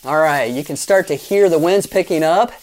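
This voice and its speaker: A man's fairly high-pitched voice carries a sermon at a moderate pace. As pastor, he tells energetic stories punctuated by playful asides and guides the congregation in group actions.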